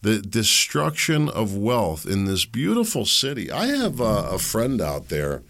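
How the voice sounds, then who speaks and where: A man's voice: on the low side, wildly swooping pitch, unhurried, fairly bright tone. A man hosting a solo commentary show, rambling and opinionated, with sardonic asides. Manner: rambling, opinionated, sardonic, with mocking put-on quotes. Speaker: podcast host.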